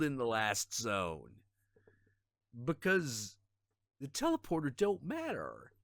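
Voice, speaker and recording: A man's voice: medium pitch, wildly swooping pitch, slow pace, gravelly, no echo, studio quality. A man streaming a video game, ranting in frustration with plenty of swearing and repeated half-finished phrases. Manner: trails off into mutters and repetitions. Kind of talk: casual gaming stream chat.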